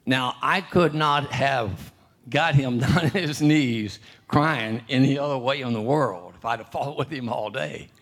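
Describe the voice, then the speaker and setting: An older man preaching a sermon, telling a personal story with many restarts and throat-clearing, and reading scripture louder and higher. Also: unhurried. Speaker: pastor.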